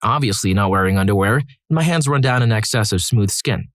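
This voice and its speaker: A man's voice: fairly low pitch, lively intonation, a little fast, fairly bright tone, no room sound. A man narrating read-aloud stories in a scripted style, adding wry, dry asides between them. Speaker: story narrator.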